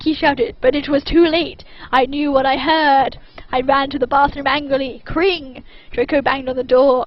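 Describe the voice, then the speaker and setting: A woman reads fan fiction aloud in a deadpan, mock-serious way. Her voice is high. The recording is muffled and lo-fi. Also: a little slow. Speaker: reader. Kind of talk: dramatic reading of fan fiction.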